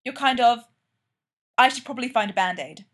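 A woman's voice: on the high side, normal speed, fairly bright tone. A woman reading aloud, voicing a curious, easygoing young man who talks hesitantly with fillers. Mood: tentative. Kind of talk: fan fiction read aloud.

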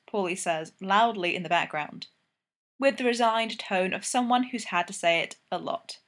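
A woman narrating a fan story aloud in a steady, even way. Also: medium pitch, moderate pace. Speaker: fanfiction reader.

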